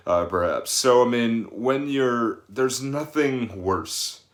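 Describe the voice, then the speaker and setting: A personal trainer in his thirties gives casual, rambling advice full of fillers and restarts. His mid-range voice is slow and has a roomy sound.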